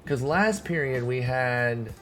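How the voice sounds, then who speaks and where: A man's voice: mid-range voice, expressive, slow pace, fairly bright tone, faint music behind. A young man streaming, ranting casually to his chat, heated and rambling with many restarts. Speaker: gaming streamer. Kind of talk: casual commentary to live chat.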